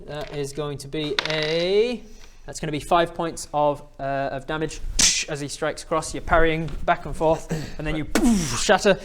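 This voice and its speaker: Chuckling game master, noisy recording. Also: male voice, on the high side. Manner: chuckling, halting narration full of fillers. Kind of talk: narrating a tabletop game.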